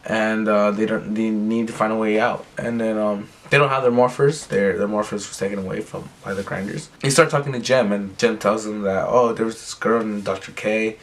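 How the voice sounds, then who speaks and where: A man's voice: lowish voice, steady tone, brisk, few pauses. A young man casually recapping an episode in a rambling way, with lots of filler words. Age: young adult. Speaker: recap vlogger.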